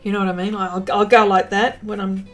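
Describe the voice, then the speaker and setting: Soft background music plays as an Australian livestream host talks in a mid-range, level voice that's a little fast. She chats casually while painting, reading viewer comments aloud with a lot of fillers.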